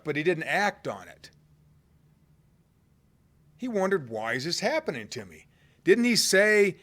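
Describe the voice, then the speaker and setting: A man preaching a sermon in a conversational way, swinging from loud cries to hushed low tones. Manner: conversational, with fillers and restarts.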